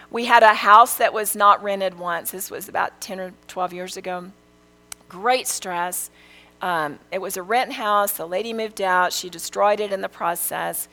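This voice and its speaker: A woman's voice: medium pitch, creaky, rough recording. A middle-aged woman, teaching a sermon with earnest storytelling. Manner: earnest, storytelling, lively quoted prayers. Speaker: Bible teacher.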